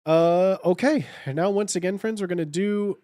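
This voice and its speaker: Man, live streamer, casual, thinks aloud, repeats himself, fairly high voice. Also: moderate pace, mellow, dry recording, studio quality. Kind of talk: casual live-stream commentary while editing.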